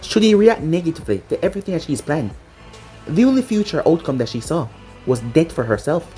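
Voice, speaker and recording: Dramatic narrator over soft music. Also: medium pitch, sing-song, a little fast. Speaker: fan fiction narrator. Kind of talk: scripted story narration. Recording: faint music behind.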